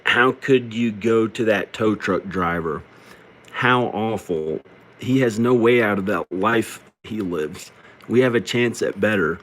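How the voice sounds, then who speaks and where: Sad middle-aged guy, kinda low voice, tearful rambling confessional vlog, halting. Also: fairly bright tone. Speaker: video creator. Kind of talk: personal confessional monologue.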